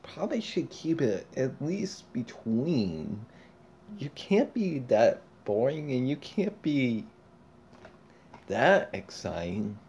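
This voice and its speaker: A man reacting to a video on a face cam, halting and full of fillers, on a dull lo-fi recording with faint noise. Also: medium pitch, sing-song, a little mellow. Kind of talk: reaction commentary.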